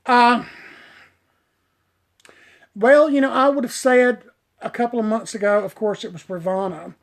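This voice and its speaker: With a steady, unhurried, gravelly voice, a middle-aged hairstylist chats folksily on his live show, calling viewers y'all. He stops every so often to coax his dog in a high sing-song.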